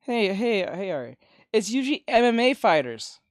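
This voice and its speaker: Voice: medium pitch, big pitch swings, moderate pace, no room sound, clean studio sound. An art streamer chatting casually while drawing, rambling and swearing with many restarts.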